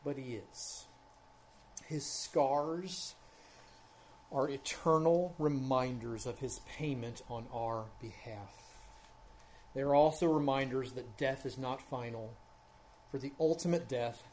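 A man preaching a sermon, earnest and conversational, rising loud when he reads scripture. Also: mid-range voice, slow pace, long pauses, slight background noise. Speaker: pastor.

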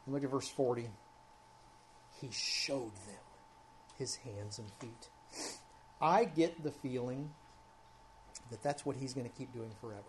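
A man preaching a sermon, earnest and conversational, rising loud when he reads scripture. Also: medium pitch, a little slow, long pauses, a little hiss or hum. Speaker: pastor.

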